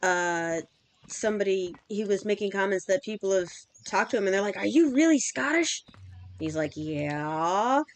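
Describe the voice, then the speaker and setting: A woman's voice: medium pitch, normal speed, smooth, no room sound. A woman in her thirties chatting casually and rambling with fillers while streaming a game. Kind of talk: casual chat while gaming.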